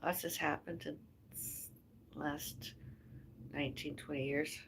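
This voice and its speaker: A woman's voice: low voice, flat delivery, takes it slowly, vocal fry, fairly bright tone, a little hiss or hum. A woman chatting casually on a livestream. She rambles and muses aloud, trails off mid-thought, and sighs between ideas.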